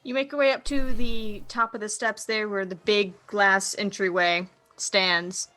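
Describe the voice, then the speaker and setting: A woman's voice: medium pitch, steady tone, unhurried, pushed and bright, soft background music. A woman narrating as game master of a tabletop role-playing game, casual and laughing often.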